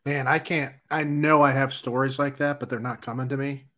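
A man who is a guest on a podcast, chatting casually and telling a relaxed story. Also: medium pitch, fairly quick. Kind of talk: casual chat.

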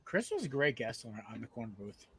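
Excitable, rambling man with a bright voice. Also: mid-range voice, a little fast, slight background noise. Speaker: podcast co-host. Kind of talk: casual sports chat.

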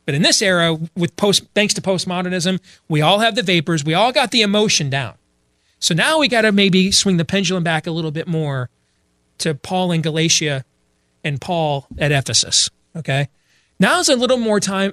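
A middle-aged man delivering opinionated religious commentary, blunt and emphatic, who often restarts and repeats himself. His voice sits a bit high for a man. The sound is dry and close. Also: lively intonation, normal speed, fairly bright tone, dry recording. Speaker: speaker addressing an audience.

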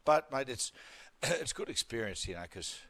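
A middle-aged Australian man, guest hosting, trades blokey banter and laughing stories in a casual sports chat. He speaks at a moderate pace in a mid-range, fairly bright voice with big pitch swings, and the recording is dry.

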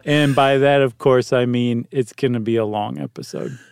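A man's voice: mid-range voice, steady tone, moderate pace, vocal fry, darkish tone, smooth, faint music behind. A man co-hosting a podcast, chatting casually in a joking, rambling way. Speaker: podcast co-host. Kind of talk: casual chat.

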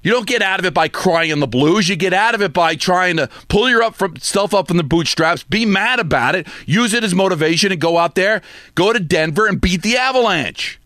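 A man's voice: sits high, expressive, a little fast, sharp tone, no room sound, studio quality. A man hosting sports talk, delivering an emphatic, scolding rant full of repetition. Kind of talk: opinionated sports radio rant.

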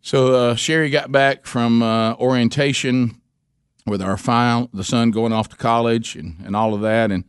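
A man's voice: normal speed, clean tone, no room sound, studio quality. A middle-aged man, hosting a talk radio show and telling a rambling family story. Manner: rambling, animated, jumps into high voices for quoted people.

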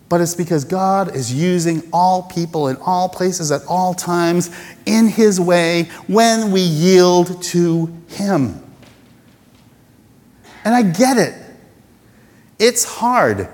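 A male pastor delivers a sermon in a chatty, self-deprecating way, his voice sitting a little high and swinging widely in pitch. He acts out quick little voices between points. The sound rings with the long echo of a church hall. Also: lively intonation, a little mellow.

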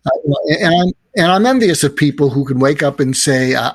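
A man's voice: a little high, expressive, brisk, dry recording. A man, a podcast guest, telling stories and giving advice in an earnest, reflective way. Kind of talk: conversational storytelling.

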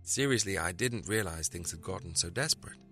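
Playful young wife, soft and wry, gently mocking; a man reads her with a gravelly, bright voice. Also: low-pitched, animated, a little fast, soft background music, full character voice. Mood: teasing. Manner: teasing, wry, softly spoken.

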